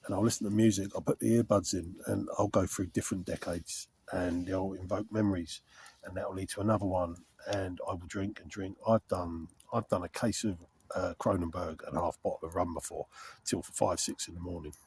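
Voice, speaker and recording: A middle-aged wild camping vlogger rambles candidly to the camera while camping in a frosty wood. His low-pitched voice is steady, brisk and darkish, with a little hiss or hum in the audio.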